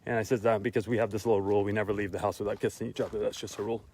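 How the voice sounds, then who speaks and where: A tired, winded man talking casually while walking outdoors, repeating his key lines for emphasis with pauses. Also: on the low side, level tone, darkish tone. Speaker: motivational vlogger. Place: outdoors on a walk.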